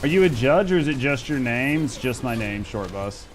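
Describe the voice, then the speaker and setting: With faint music in the background, a man over 30 from Indiana streams a game live and chats casually in a Midwestern accent. His medium-pitched voice has lively intonation at a moderate pace; he rambles, stays laid-back, and swears plenty.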